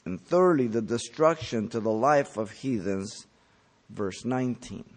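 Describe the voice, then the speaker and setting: A man preaching a verse-by-verse sermon, explaining the text in an emphatic teaching manner, with his pitch lifting sharply on key words and then falling. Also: lively intonation, measured pace. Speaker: pastor. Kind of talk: expository sermon.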